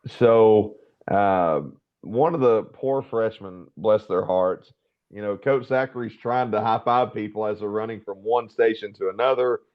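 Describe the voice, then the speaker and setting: A man hosting an interview podcast, talking warmly and affectionately and telling stories. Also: fairly low pitch, unhurried, lo-fi sound. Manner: warm, affectionate, storytelling. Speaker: podcast host. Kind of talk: casual interview talk.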